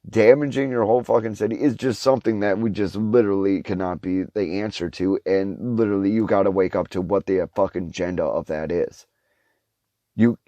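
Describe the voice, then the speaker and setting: A man's voice: lowish voice, warm tone, no room sound. A young man ranting his opinions in a vlog, heated and sarcastic, swearing in nearly every line. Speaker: vlogger. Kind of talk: profane opinion rant.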